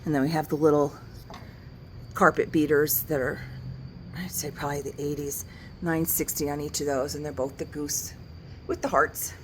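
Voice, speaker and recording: She speaks in a low, fairly monotone voice at a moderate pace, pausing often, while slight background noise hums along. The woman owns a large antique shop and casually walks through it, discussing items and working out discounts aloud.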